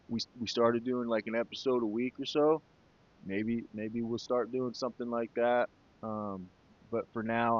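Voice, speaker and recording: A man in his late thirties talking alone into his podcast mic, relaxed and heartfelt, with plenty of casual swearing and "man" thrown in. His voice sits at an ordinary middle pitch. The recording is a little dull and lo-fi. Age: 30s. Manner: laid-back and heartfelt, swears freely, calls listeners man and brother. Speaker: podcast host. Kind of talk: casual solo talk.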